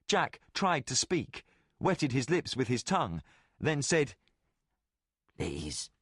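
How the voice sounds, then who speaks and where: A man narrating a fantasy audiobook in deliberate, expressive storytelling. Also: fairly high pitch, husky, no echo, clean studio sound. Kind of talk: scripted narration.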